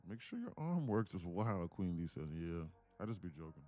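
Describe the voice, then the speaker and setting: Low mellow-voiced man chatting on a stream. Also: big pitch swings, moderate pace, faint music behind. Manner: rambling, laughs through stories, many fillers. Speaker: livestream host, day trader. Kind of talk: casual live-stream chat.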